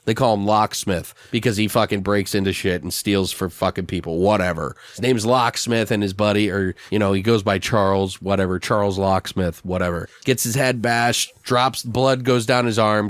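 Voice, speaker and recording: A man's voice: fairly low pitch, smooth, no room sound. A man hosting a podcast, rambling and swearing casually as he brainstorms a story idea. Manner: rambling, profane, acts out characters. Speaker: podcast host. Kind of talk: casual improvised brainstorming chat.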